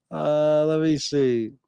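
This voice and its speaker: This slightly high, gravelly man has a warm, clean tone, captured in a dry recording. He hosts a casual livestream, reading donations and chat comments aloud while rambling, swearing freely, and restarting often.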